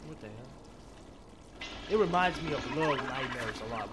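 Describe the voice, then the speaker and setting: A man giving excitable, foul-mouthed commentary while playing a video game, shouting out in sudden bursts and calling everyone bro. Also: medium pitch, moderate pace, slight background noise. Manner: excitable, swears a lot, sudden loud outbursts; calls viewers and game characters bro and man. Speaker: gaming channel host. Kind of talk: live gameplay commentary. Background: game soundtrack music.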